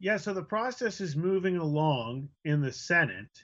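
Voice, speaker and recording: Steady male correspondent, dull remote audio. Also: fairly high pitch, normal speed. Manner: steady, explanatory. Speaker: senior correspondent. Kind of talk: news briefing.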